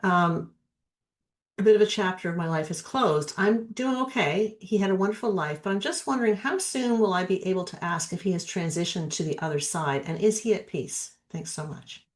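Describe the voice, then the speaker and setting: A woman with a somewhat low voice hosts a live psychic panel and reads viewer questions aloud. She sounds steady and plain. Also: normal speed. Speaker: host.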